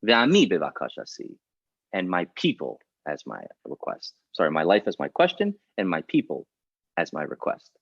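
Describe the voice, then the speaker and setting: A rabbi with a deep, slightly rough voice marked by vocal fry and huge pitch swings teaches an animated Torah class at normal speed. He explains the text, then acts out the story dramatically. The recording is dry, muffled, and lo-fi.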